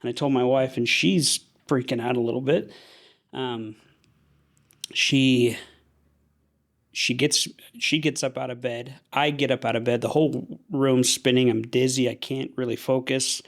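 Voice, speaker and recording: A young man from Idaho, a podcast guest, telling a personal story in an earnest, halting way with frequent restarts. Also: medium pitch, fairly even intonation.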